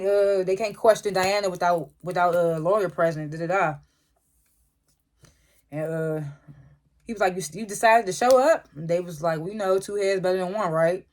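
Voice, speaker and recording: A reviewer loosely retelling a TV episode in a casual recap, with many "like" fillers and frequent throat clearing. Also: medium pitch. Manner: loose storytelling, lots of "like" and "was like" retellings.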